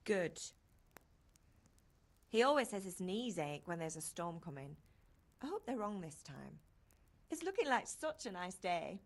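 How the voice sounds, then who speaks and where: A woman's voice: on the low side, sing-song, a little slow, pauses often, heavily acted. This is a caring medieval village mother, fretting over her son. Her voice climbs and dips with animation as she teases and scolds him fondly. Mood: worried. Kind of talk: game character dialogue.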